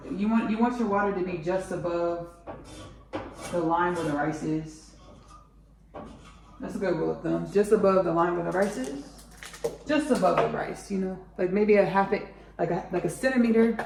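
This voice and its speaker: A woman's voice: medium pitch, vocal fry, a little mellow, far from the mic, slight background noise. A woman hosting a home cooking show, rambling casually and often calling her viewers "y'all". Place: home kitchen. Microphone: camera set up on the counter. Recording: echoey kitchen, faint clicks.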